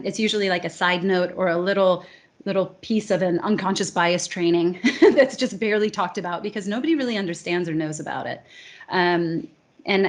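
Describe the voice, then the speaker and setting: An American woman, a speech coach and academy founder, talking earnestly in an interview and stacking her points in lists. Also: on the low side. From United States. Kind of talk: conversational interview.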